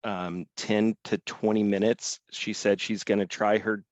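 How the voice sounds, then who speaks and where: Low-voiced man hosting a webinar. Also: little pitch movement, measured pace, dry recording, lo-fi sound. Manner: loose, filler-heavy, apologetic. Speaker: webinar host, sales team member. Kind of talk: casual webinar talk. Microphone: video call.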